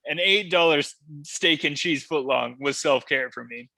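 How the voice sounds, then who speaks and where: A young man co-hosting a podcast in a relaxed, joking, drawling way. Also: a little high, moderate pace, vocal fry. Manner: laid-back, joking, drawling. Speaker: podcast co-host. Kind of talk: casual chat.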